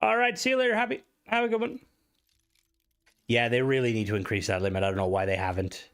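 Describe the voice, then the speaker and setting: A man live-streaming a game in loose, casual commentary, his pitch jumping around a lot as he talks. He swears freely, thinks aloud and chats with viewers while he plays. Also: lively intonation, fast, fairly bright tone, clear, resonant tone.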